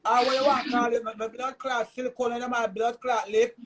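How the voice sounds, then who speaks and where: A man with a Jamaican accent ranting loudly on a live stream, cursing and repeating himself. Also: extremely high pitch, level tone, fairly quick, slight background noise. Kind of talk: heated live-stream rant.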